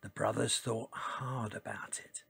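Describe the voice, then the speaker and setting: A man reading a children's story aloud in a lively, expressive way, talking to a few listeners by name. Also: fairly low pitch, unhurried, gravelly, slightly rough.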